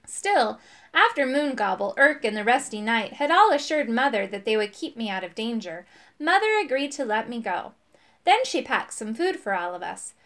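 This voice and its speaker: Animated woman reading a children's story. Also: on the high side, normal speed. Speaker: audiobook reader.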